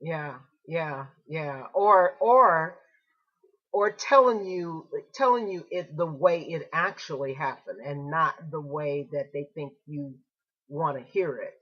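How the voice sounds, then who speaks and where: A woman's voice: low-pitched, expressive, slow pace, highs cut off. A woman hosting a radio talk show, agreeing with her guest and speaking with frequent hesitations. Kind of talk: casual talk-show chat.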